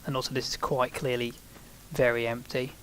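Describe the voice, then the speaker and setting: A man's voice: mid-range voice, level tone, moderate pace, a bit bright. A man casually commenting on the game he is playing, rambling along with self-mocking asides. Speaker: gaming channel host. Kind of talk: casual let's-play commentary.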